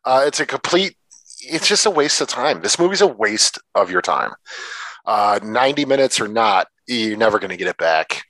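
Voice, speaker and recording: A blunt man in his thirties on a film podcast, his low voice swinging up and down with feeling. The sound is close and dry, with no room in it. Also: sing-song, normal speed, bright, forceful tone, no room sound, poor audio. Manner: blunt, says dude, swears. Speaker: podcast co-host. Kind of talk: casual film review chat.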